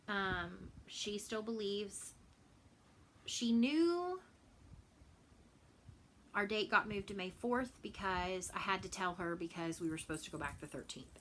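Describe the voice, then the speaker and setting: A woman's voice: mid-range voice, fairly bright tone, slight background noise, rough recording. A woman from Texas in a casual home vlog, chatting and rambling with many fillers and repeated words. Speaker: cross stitch vlogger. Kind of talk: casual chat.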